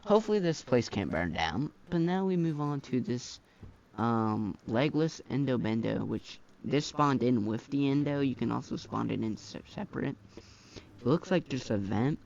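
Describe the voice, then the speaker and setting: Gravelly, rambling male game-mod reviewer. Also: medium pitch, expressive, a little slow, a little mellow. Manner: rambling, filler-heavy, slangy. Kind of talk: casual gameplay commentary. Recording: dull lo-fi mic.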